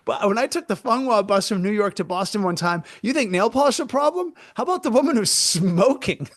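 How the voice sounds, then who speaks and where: A man co-hosting a comedy podcast, telling stories in an excitable, ranting way with stammering restarts. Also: high-pitched, fairly quick, no room sound, clean studio sound. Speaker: podcast co-host. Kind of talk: comedic rant.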